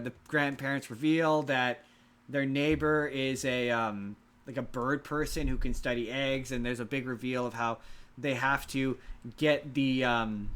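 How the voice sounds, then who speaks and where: A man's voice: medium pitch, fairly bright tone, clean tone. A man hosting a casual podcast, animatedly retelling a story and acting out the characters' lines. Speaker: podcast host.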